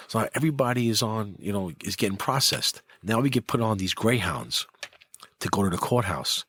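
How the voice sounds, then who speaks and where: A husky middle-aged man tells his story in a loose, animated way. His pitch jumps when he acts out what others said. The sound is dry and close. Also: brisk, dry recording. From New York. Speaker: guest, former mob enforcer. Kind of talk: casual storytelling.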